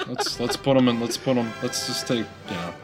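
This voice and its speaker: A man's voice: mid-range voice, a little fast, over music. A man co-hosting a podcast, ranting with lots of cursing in crude comedic banter. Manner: profane, ranting, animated. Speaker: podcast co-host.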